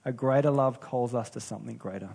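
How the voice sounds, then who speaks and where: A man preaching a sermon as pastor, earnest and unhurried, with pauses and restarts. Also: mid-range voice, vocal fry, darkish tone, slightly rough.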